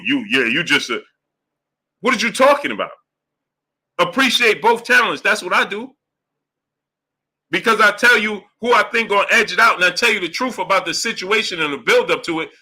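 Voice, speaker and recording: A man's voice: high-pitched, pushed and bright. A man hosting a boxing live stream, arguing emphatically with rhetorical questions and reading out super chats. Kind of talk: heated live-stream commentary.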